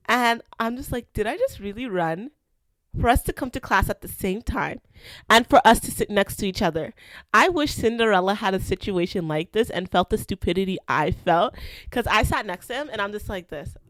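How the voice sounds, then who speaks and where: A woman's voice: medium pitch, moderate pace, dry recording. Young canadian-raised woman podcasting, chatty storytelling, dry close sound. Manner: animated, chatty storyteller acting out quotes. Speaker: podcast host. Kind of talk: casual storytelling.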